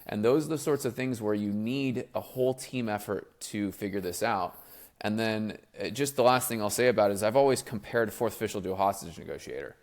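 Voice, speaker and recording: A man with a somewhat low voice talks through his work as a referee. He sounds measured and explanatory, building his points carefully in a relaxed interview. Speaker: professional referee guest. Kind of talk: casual interview chat.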